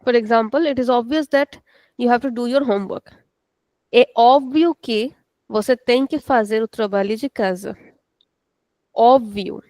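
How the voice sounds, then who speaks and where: A woman's voice: fairly high pitch, a little mellow, dry recording, low-quality recording. Patient woman teaching an online class. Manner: slow, patient, repeats words for students. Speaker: Portuguese language teacher. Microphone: video call.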